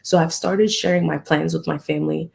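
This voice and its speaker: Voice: mid-range voice, steady tone, brisk, gravelly, darkish tone. A host talking candidly and reflectively in a casual live stream, often acting out remembered exchanges.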